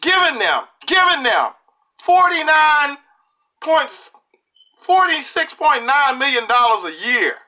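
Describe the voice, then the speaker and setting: A man's voice: extremely high pitch, sing-song, takes it slowly, pushed and bright. A middle-aged man giving a preachy, emphatic political monologue to camera, talking colloquially and repeating lines for punch. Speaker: political video commentator.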